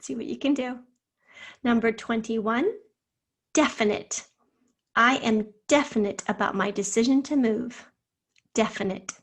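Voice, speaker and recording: A woman teacher dictating a spelling test and going over the answers syllable by syllable, slowly and carefully. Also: fairly high pitch. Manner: slow, careful word-by-word dictation. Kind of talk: spelling lesson for children.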